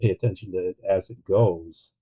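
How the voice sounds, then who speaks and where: A man co-hosting a podcast, chatting casually about a film, animated and acting out quotes with a laugh. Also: deep voice, a little fast, husky. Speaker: podcast co-host. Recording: tinny phone-like line.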